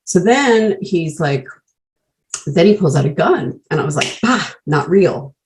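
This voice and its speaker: A woman's voice: fairly low pitch, big pitch swings, a little slow, darkish tone, a little hiss or hum, low-quality recording. A woman candidly telling her own recovery story over a video call, blunt and profane, full of "like" fillers. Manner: blunt, swears freely, leans on "like" fillers.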